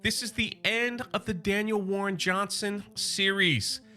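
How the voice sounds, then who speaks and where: A man's voice: sits high, steady tone, unhurried, bright, forceful tone, faint music behind. A man hosting a comic book channel, casually and enthusiastically recapping an issue and reading the quotes aloud.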